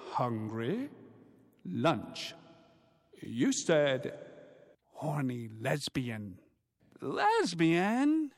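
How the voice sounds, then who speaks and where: A man's voice: medium pitch, dry recording, clean studio sound, full character voice. A man singing a comic musical theatre number as a man going deaf, with patter and spoken asides over a band. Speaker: singer in a stage musical. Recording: cast recording over loud band.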